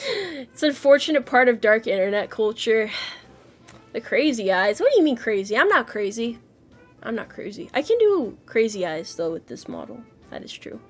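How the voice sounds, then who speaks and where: A woman's voice: fairly high pitch, fairly bright tone. A woman streamer chatting casually with her viewers, playful, laughing often and swearing freely. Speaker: VTuber streamer.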